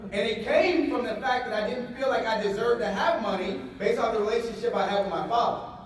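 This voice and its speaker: Guy with a high voice hyping up a seminar crowd, lots of repeating, booming echo from across the room. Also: fairly quick. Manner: animated, repeats phrases, leads audience call-and-response. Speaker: motivational speaker. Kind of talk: motivational seminar talk. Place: hall with a live audience. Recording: echoey hall, voice from a distance.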